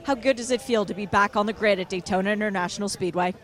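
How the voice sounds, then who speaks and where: A woman reporting live from the pit lane and interviewing a driver, upbeat and animated. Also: mid-range voice, fast talker. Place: outdoors on a racing grid.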